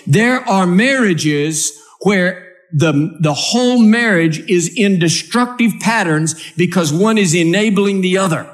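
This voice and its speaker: A man's voice: high voice, unhurried. A male preacher giving a humorous sermon to a live church audience, reading scripture and acting out scenes. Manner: animated storytelling, acts out scenes.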